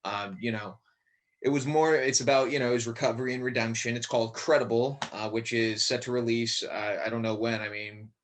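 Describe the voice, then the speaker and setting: Young man, about twenty, from connecticut, rambling with fillers, mid-pitched voice. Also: steady tone, brisk. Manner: rambling, many fillers and restarts. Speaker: guest, young actor. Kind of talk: casual podcast interview.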